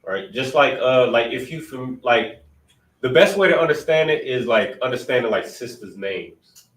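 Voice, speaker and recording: A man's voice: medium pitch, expressive, normal speed, a bit bright. Man explaining grammar in a roomy space. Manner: patient, explaining step by step, thinks aloud. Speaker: class teacher. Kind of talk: informal Hebrew grammar class. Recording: roomy, distant mic.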